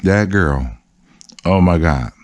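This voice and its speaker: Deep-voiced man telling stories. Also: slow, no echo. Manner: rambling, profane, laid-back. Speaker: host. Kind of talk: casual storytelling.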